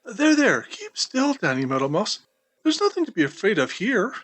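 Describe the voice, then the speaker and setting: A man voicing a gentle, cheerful male rabbit who talks in a coaxing, chirpy way. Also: high-pitched, very animated, normal speed, husky, heavily acted. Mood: soothing. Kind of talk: storybook character voice.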